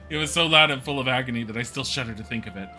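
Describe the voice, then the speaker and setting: Upset townswoman giving testimony, a streamer reading her out, bright and forceful. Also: mid-range voice, rapid-fire, soft background music. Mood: distressed. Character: upset middle-aged townswoman witness.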